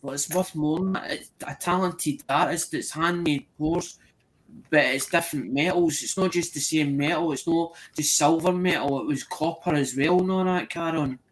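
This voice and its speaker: A man's voice: on the high side, normal speed. Rambling man in casual chat. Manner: rambling, repeats himself, says "as in" a lot.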